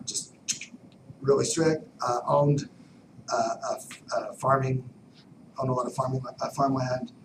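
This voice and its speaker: A man giving a motivational talk, telling stories animatedly, dropping to whispers and then bursting out loud. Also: mid-range voice, background noise. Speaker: motivational speaker. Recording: roomy distant mic with background ambience.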